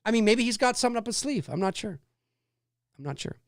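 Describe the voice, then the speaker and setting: Casual male livestream host, rambling and reading viewer comments, smooth voice, dry sound. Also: sits high, animated, quick pace, dry recording.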